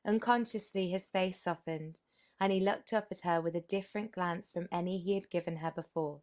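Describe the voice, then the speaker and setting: A woman reading a classic novel aloud as narrator, steady with small restarts. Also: mid-range voice, normal speed. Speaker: audiobook narrator.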